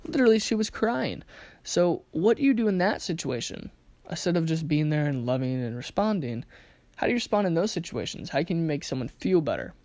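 Casual lesson teacher, lively anecdotes and rhetorical questions, mid pitch, dry close sound. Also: brisk, dry recording. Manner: lively storytelling with acted-out quotes and frequent rhetorical questions. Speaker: communication teacher.

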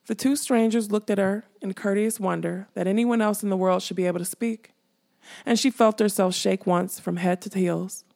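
A woman narrating a fantasy audiobook with steady storytelling. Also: mid-range voice, normal speed, gravelly. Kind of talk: scripted narration.

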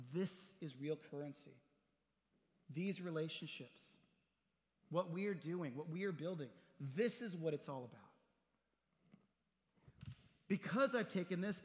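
A middle-aged man preaching as a pastor, telling personal stories in a conversational way and acting out the dialogue with humor. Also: high voice. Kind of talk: sermon with storytelling. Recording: long hall reverb.

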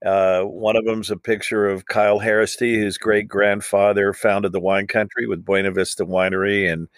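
Male podcast guest, relaxed and hesitant, fairly low, dry recording. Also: normal speed, dry recording. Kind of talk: casual chat.

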